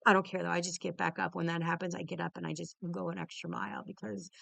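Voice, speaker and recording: Woman, casual storyteller, bright and clear, dry close sound, swears and laughs a lot. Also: on the low side, flat delivery, quick pace, no room sound. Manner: exuberant, swears freely, laughs often; many restarts and repeated words. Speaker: podcast host.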